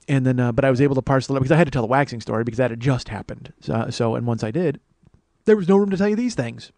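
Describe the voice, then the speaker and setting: A man hosting a solo comedy podcast, rambling and self-mocking, swinging between loud outbursts and mumbled asides. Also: medium pitch, rapid-fire, dry recording. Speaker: podcast host.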